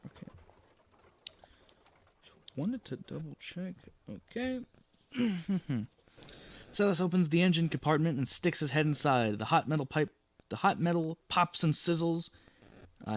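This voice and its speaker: Man, solo tabletop player, fairly high voice, reads aloud, corrects own slips. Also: dry recording. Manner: self-correcting, stumbles and rereads words. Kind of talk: reading a solo adventure aloud.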